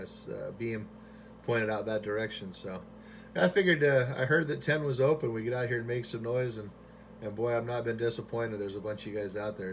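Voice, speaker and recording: A man chatting on ham radio from his home station into a boom mic, relaxed and friendly with lots of fillers. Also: a little hiss or hum. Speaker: amateur radio operator. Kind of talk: ham radio contact chat.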